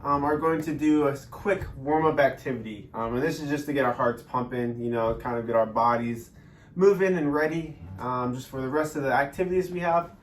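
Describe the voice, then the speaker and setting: A man teaching a guided workout lesson, explaining each step with many ums and pauses. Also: medium pitch, distant mic, a little hiss or hum. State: out of breath during exercise. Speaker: fitness instructor. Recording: echoey room, voice off-mic.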